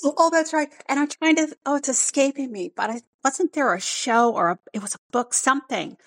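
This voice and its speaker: Gravelly-voiced laughing woman. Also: high-pitched, normal speed, no room sound. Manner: animated, laughs often, restarts words. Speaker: scientist guest. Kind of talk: casual conversation. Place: home in Northern Kentucky.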